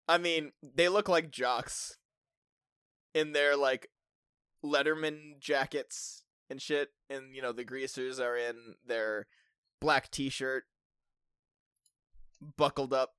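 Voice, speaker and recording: A man's voice: medium pitch, slow pace, long pauses, pushed and bright, clean tone, dry recording, clean studio sound. A young man co-hosting a podcast, joking and teasing his friend in casual banter. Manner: teasing, giggly, goofy. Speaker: podcast co-host.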